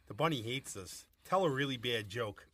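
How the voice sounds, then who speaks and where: A man co-hosting a casual podcast, chatty and quick with a comeback. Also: medium pitch, animated, pushed and bright, a little hiss or hum. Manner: chatty, tells joke stories in acted quotes. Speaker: podcast co-host. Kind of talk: casual chat.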